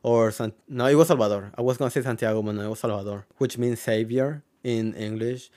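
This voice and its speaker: Young man from Mexico, mid-pitched, casual vlogger, rambling and filler-heavy, swears freely. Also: fairly even intonation, brisk, a little mellow. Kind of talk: casual storytelling to camera.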